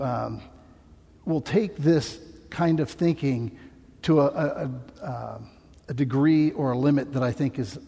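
A man delivers a sermon in an earnest, conversational way, stumbling over words and leaning on pauses for emphasis. His voice is slightly high, mellow and a little husky. It rings out with a long reverb, as if in a big hall. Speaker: preacher.

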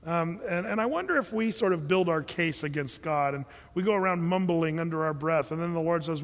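A man's voice: fairly high pitch, a little fast, few pauses. A man preaching a sermon, joking and acting out the voices he quotes. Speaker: pastor. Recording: long hall reverb.

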